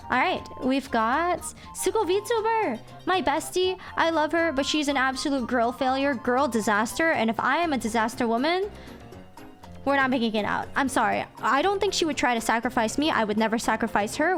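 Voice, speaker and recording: A woman with a higher-pitched voice hosts her stream in a relaxed, playful chat. She swears freely and slips into acting out her friends' lines. Soft music plays quietly behind her.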